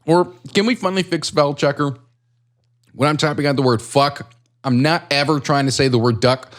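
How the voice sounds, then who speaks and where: A man's voice: fairly high pitch, moderate pace. A man co-hosting a podcast in casual chat, rambling and swearing freely with self-deprecating humor. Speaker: podcast co-host.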